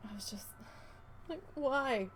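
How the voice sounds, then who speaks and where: A woman's voice: mid-range voice, measured pace, vocal fry, a little mellow, faint music behind. A woman, chatting casually and rambling through a story while she crafts, swearing freely. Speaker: craft vlogger.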